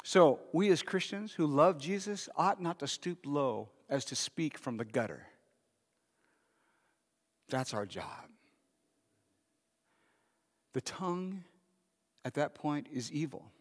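A man's voice: on the high side, animated, slow pace, long pauses. A man preaching a sermon as pastor, talking in a conversational way and asking the congregation questions. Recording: long hall reverb.

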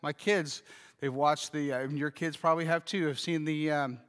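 A man preaching a sermon as pastor, moving between quiet, slow explanation and emphatic, shouted declarations. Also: on the high side, steady tone, in a large hall.

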